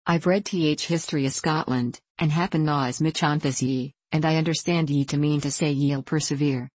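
A plain-spoken mill hand talks in thick dialect as a woman reader voices him. The sound is dry and close, with a low-pitched voice. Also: steady tone, brisk, darkish tone, no echo. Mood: curious. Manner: broad dialect speech.

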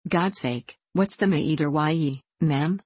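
A woman plays a forthright, loyal Scottish housekeeper with a low, husky voice. She scolds and laments in plain broad speech, read close and dry for a storybook. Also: measured pace, a little mellow, no room sound. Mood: alarmed.

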